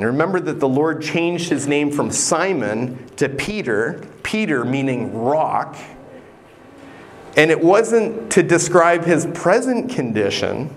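A man preaching a sermon in an earnest, conversational way, sometimes restarting a phrase. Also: mid-range voice. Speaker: pastor.

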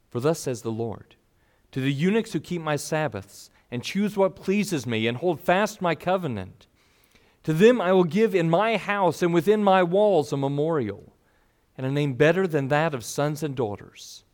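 A man preaching a sermon, reading scripture and voicing the people in the story with expressive shifts. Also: a little high.

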